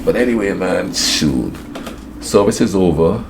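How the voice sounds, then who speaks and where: Deep gravelly man telling a story. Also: measured pace, a little hiss or hum. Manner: animated, acts out voices, laughs often. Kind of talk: casual storytime monologue.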